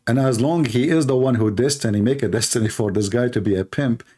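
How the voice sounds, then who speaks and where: Animated man acting out little dialogues. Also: fairly quick, breathy edge. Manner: animated, acts out dialogues in higher voices. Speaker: commentator. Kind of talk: casual talk to camera.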